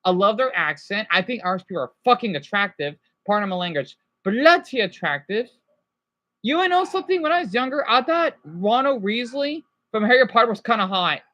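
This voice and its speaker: A man's voice: sits high, very animated, a little fast, sharp tone, poor audio. A man chatting casually on a livestream from home, rambling between topics and swearing now and then.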